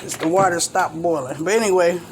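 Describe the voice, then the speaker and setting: A woman's voice: on the low side, a little fast, a little hiss or hum. An older woman hosting a home cooking show, chatting homily through each step as she cooks in her kitchen. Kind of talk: casual step-by-step cooking demo. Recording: kitchen clatter of pots and dishes. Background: cutlery and pots clanking.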